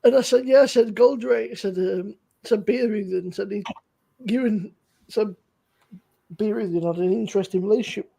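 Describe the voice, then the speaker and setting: A man's voice: high-pitched, a little fast, vocal fry, mellow. A man, a beer-review streamer, telling stories in casual chat, swearing freely and laughing often.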